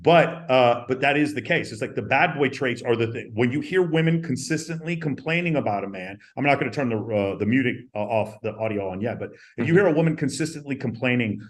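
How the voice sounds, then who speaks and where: A man's voice: medium pitch, animated, brisk, hardly any pauses. A man hosting a podcast, talking emphatically to his viewers, repeating his points and swearing. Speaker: podcast host. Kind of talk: animated podcast monologue to viewers.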